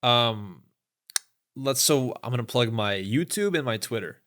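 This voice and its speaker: A man's voice: mid-range voice, sing-song, normal speed, fairly bright tone. A man hosting a podcast, chatting casually with a guest and signing off in an upbeat, friendly way. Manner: friendly, upbeat sign-off banter. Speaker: podcast host.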